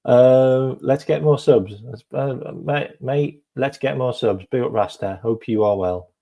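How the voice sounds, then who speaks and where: A man's voice: medium pitch, a little slow, gravelly, highs cut off. A man hosting a casual live stream, chatting to viewers with lots of ums and repeated phrases.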